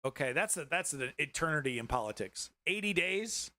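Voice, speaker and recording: A man's voice: fairly high pitch, expressive, moderate pace, pushed and bright, no echo. A man hosting a livestream news show, giving casual political commentary in a rambling, profane way, with many restarts.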